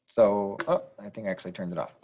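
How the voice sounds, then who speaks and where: A man's voice: lowish voice, fast talker, slightly rough. Man teaching grammar over slides. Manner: relaxed, repeats points with fillers. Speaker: Spanish teacher.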